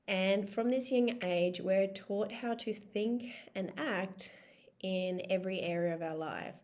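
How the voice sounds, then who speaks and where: A woman's voice: lowish voice, darkish tone. A woman in her thirties, a life coach, talking in a casual, emphatic vlog style with the odd swear word.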